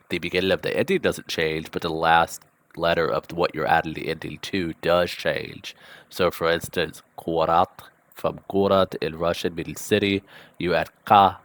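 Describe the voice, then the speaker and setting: A man with a low voice teaches a language lesson in an easygoing, conversational way, often pausing with ums and thinking aloud. The recording is close and dry, with little room sound. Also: no echo. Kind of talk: casual vocabulary lesson.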